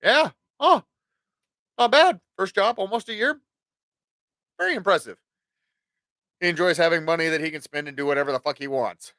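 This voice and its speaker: A man in his forties telling crude, meandering work and family stories on his podcast. He has a rather high voice with a bright, forceful edge. The sound is dry and close. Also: normal speed, pauses often, no echo. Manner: profane, rambling, acts out quotes. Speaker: podcast host. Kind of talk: casual storytelling monologue.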